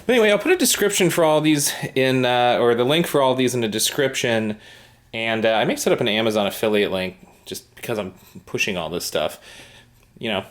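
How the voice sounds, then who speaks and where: A man's voice: mid-range voice, lively intonation, a little fast. A young man vlogging at home, chatting in a rambling way with self-mocking asides. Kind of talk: casual home vlog. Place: inside a home.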